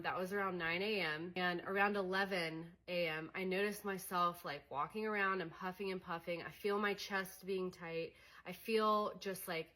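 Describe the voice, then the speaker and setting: A woman's voice: fairly low pitch, bright, forceful tone. A young adult woman coaching on emotions in a candid, conversational way, with many fillers. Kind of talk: casual teaching monologue.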